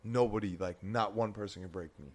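A man's voice: fairly low pitch, fairly even intonation, fairly quick. A young man co-hosting a casual talk show, speaking emphatically and often tagging his points with "right?". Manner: emphatic, repeats points and tags lines with "right?". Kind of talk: casual chat.

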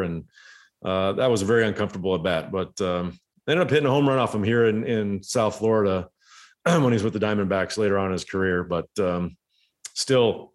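A middle-aged former baseball player telling relaxed anecdotes in casual conversation. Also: male voice, lowish voice. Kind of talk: casual storytelling.

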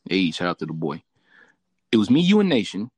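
A man's voice: low-pitched, a little fast, slightly rough, no echo. A man from Southern California hosting a casual chat, telling a story with lots of swearing and laughter. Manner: profane, laughing, animated storyteller. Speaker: podcast host.

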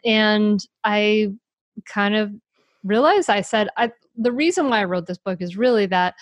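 A woman guest author answering interview questions in a lively, self-deprecating way, laughing often. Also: medium pitch, no room sound.

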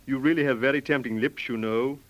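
A man's voice: medium pitch, fairly even intonation, fairly quick, natural voice. A man playing an affected upper-class Englishman in a 1930s comic sketch, with a mock-English drawl. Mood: mock romantic. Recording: old 1930s record with music.

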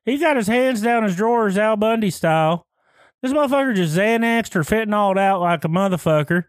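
High-voiced, profane man in his thirties. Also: brisk, no echo. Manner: profane, animated anecdotes. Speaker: podcast co-host. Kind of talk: casual podcast chat.

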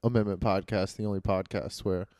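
A man's voice: fairly low pitch, steady tone, brisk, dark tone, no room sound. A man co-hosting a podcast in casual chat, joking and swearing, poking fun at himself. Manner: joking, profane, self-mocking. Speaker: podcast co-host.

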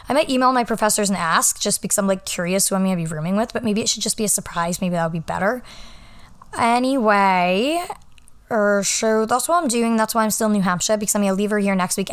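A young woman in her twenties, a law student hosting a podcast, talking in a rambling, casual way full of "like" and "um". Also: medium pitch. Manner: rambling, chatty, frequent "like" and "um". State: yawning, a little tired. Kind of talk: casual solo podcast chat.

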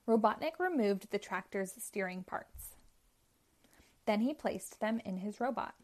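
A woman reading a children's chapter book aloud in a slow, clear, expressive way. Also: mid-range voice. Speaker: storyteller.

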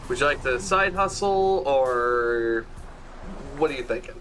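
A man runs a tabletop role-playing game, narrating what happens and asking the players what they do. His voice has a bright, forward tone at an ordinary pitch. He often stops mid-thought and fills the gaps with "uh". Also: expressive, soft background music. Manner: halting, filler-heavy. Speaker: game master. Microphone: streaming setup with audio box.

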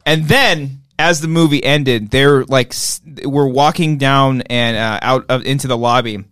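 A man co-hosting a podcast, telling profane, animated stories in casual chat. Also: mid-range voice, measured pace, slight background noise. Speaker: podcast co-host.

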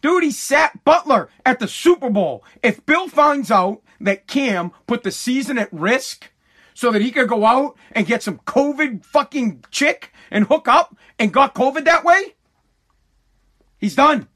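A high-pitched man rants through his livestream podcast. His voice is bright and forceful, and he runs heated and profane, looping back over the same words. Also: animated, unhurried. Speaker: podcast host. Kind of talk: casual livestream podcast rant.

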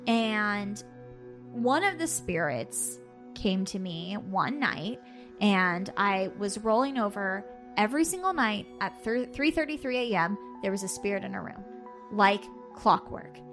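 A woman co-hosting a podcast, telling a personal story in casual chat. She laughs often and acts out her own past lines with lively energy. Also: mid-range voice, measured pace, faint music behind. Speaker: podcast co-host.

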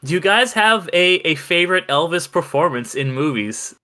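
A man hosting a casual film podcast who is excitable, fills his speech with "like" and "um", and puts questions to the group. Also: a little high, moderate pace. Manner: excitable, many fillers like "like" and "um", asks the group questions.

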